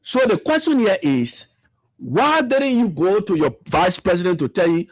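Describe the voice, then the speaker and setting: A Liberian political commentator with a high voice delivers fiery, impassioned commentary, full of repetition and rhetorical questions. His pitch swings widely at a moderate pace, and there's no echo.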